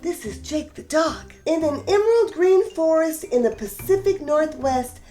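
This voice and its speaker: A woman hosting a children's reading show and reading a rhyming story aloud with warm, expressive delivery. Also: high voice, a little slow, soft background music. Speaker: children's story reader, host. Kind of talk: read-aloud storytelling for kids.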